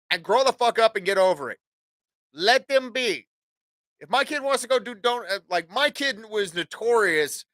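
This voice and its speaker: A man's voice: high voice, expressive, normal speed, fairly bright tone, no echo. A man in his forties hosting a talk show, rambling through an opinionated, profanity-laced casual monologue.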